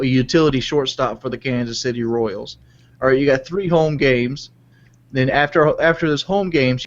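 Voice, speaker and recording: A man hosting a casual talk show, blunt and profane, pressing callers with questions. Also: mid-range voice. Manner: blunt, swears, probing questions. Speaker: show host. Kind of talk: casual chat. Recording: muffled lo-fi audio.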